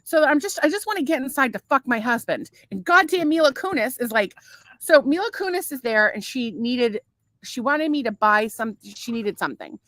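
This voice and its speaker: A woman telling stories on a podcast in a loose, rambling, profane way. Her voice sits a little high and sounds dry and close, with no room echo. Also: lively intonation, normal speed, fairly bright tone. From United States. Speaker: podcast co-host. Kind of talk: casual married-couple chat. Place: home in Florida.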